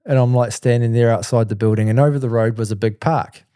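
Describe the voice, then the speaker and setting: Kiwi male podcast host, chatty rambling storyteller, mellow tone, dry close sound. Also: medium pitch, fairly even intonation, fast talker, smooth, no room sound. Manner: rambling, full of "like" and "you know". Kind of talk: casual storytelling.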